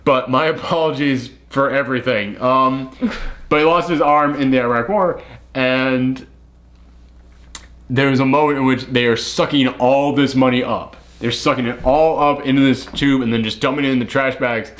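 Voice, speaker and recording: A man's voice: mid-range voice, steady tone, normal speed, a bit bright. A man co-hosting a casual movie review, rambling and laughing at his own mix-ups, sleep-deprived. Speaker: film review co-host.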